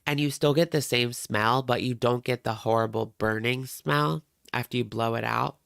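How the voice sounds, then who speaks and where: A man's voice: medium pitch, fairly even intonation, moderate pace, vocal fry, fairly bright tone, clear, resonant tone, dry recording, studio quality. A man hosting a reaction livestream, chatting casually with viewers in a rambling way.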